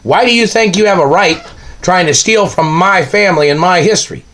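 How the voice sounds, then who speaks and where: Ranting man, pitch a bit high. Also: brisk, fairly bright tone. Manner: ranting, accusing, repeating questions. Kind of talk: angry monologue to camera.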